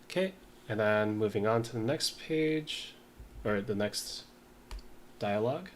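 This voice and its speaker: A man in a casual study session, reading lines aloud slowly and mumbling as he writes and sounds out words. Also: fairly low pitch, animated, a little hiss or hum. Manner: slow, mumbling while writing, sounds out words. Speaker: language learner.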